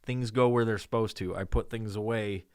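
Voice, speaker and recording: Middle-aged male host from New York, smooth, full-bodied voice, dry close sound, crude rambling profanity-laced solo rant. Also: fairly low pitch, steady tone, moderate pace, no room sound. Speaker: podcast host.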